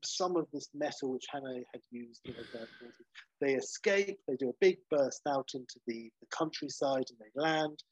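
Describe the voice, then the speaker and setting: A man co-hosting a podcast, telling a comic sequel plot in a casual, animated way. He jumps into the characters' lines and laughs often. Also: mid-range voice, moderate pace, breathy edge, no echo, dull audio. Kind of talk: casual comedic storytelling.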